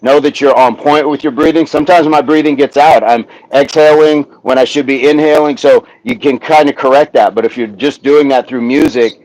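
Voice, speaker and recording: A man hosting a live workout stream, counting reps aloud in steady pairs and joking with the viewers who are following along. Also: medium pitch, brisk, few pauses, no echo, poor audio.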